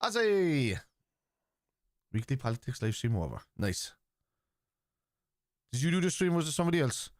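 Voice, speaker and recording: An Irish man hosting a live football watchalong, bluntly arguing with his chat, swearing freely and shouting at chances. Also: medium pitch, sing-song, a little fast, long pauses, no room sound, clean studio sound. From Ireland.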